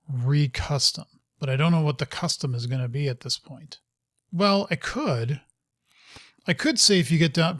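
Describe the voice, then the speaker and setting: A man's voice: fairly high pitch, dry recording, studio quality. A man hosting a live coding session, thinking aloud as he works, muttering to himself and scolding his code with casual, self-mocking asides.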